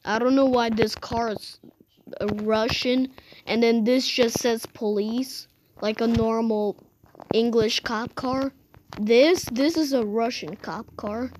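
A woman's voice: a little high, steady tone, slow pace, background noise. A woman giving casual, rambling gameplay commentary, exclaiming often and restarting her sentences. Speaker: gamer.

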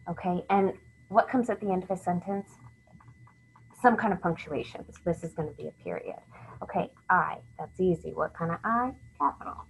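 A woman teacher walking young writers slowly through a literacy lesson, step by step, sometimes whispering the example sentences. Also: lowish voice, vocal fry, a little hiss or hum, rough recording.

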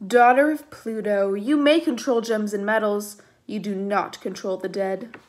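A woman's voice: mid-range voice, fairly even intonation, measured pace, close to an everyday voice. A woman doing a growling possessed boy. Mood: cold. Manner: growling, cold. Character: spirit possessing a teenage boy, hostile.

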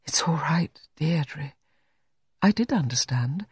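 A reader voicing a scarred, weary man who returned from the dead, speaking quietly and with resignation. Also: mid-range voice, a little slow, husky, no echo, studio quality. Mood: resigned.

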